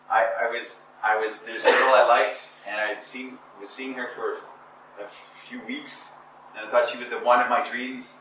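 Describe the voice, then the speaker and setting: A man speaks to a small group in a bright, clear voice, mocking himself as he acts out scenes from old stories. He is a little way off from the mic in a very echoey room. Faint room noise sits behind him. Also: medium pitch, far from the mic. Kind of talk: casual talk to a small group.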